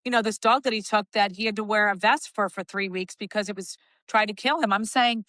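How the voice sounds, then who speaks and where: Female podcast co-host, bright and forward tone, animated anecdotal delivery, dry booth sound. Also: mid-range voice, brisk, no room sound. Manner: animated storytelling with quoted voices. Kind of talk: casual chat.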